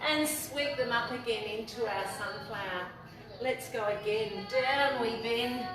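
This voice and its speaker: Bouncy high-voiced lady doing kids yoga, slow and sing-songy, echoey room from a ways off, music going. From Australia. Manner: playful, encouraging, makes animal noises. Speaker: children's yoga instructor. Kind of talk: guided kids' yoga class. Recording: echoey room, distant mic, music behind.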